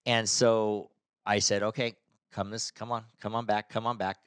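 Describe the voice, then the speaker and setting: A man's voice: lowish voice, level tone, normal speed, a bit bright, smooth, no room sound, studio quality. A man co-hosting a podcast, telling a long rambling anecdote in casual chat and acting out what each person said. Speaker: podcast co-host.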